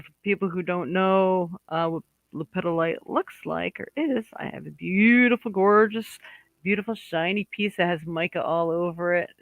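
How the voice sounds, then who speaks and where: On phone-quality sound with no echo, a high-voiced man gives a chatty monthly horoscope card reading. As a psychic card reader, he speaks directly to viewers and to spirit, with warm asides and lots of fillers and restarts.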